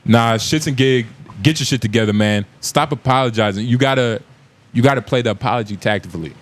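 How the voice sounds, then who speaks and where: A man's voice: mid-range voice, brisk. A man hosting a casual podcast, joking and riffing loosely with lots of fillers. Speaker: podcast host.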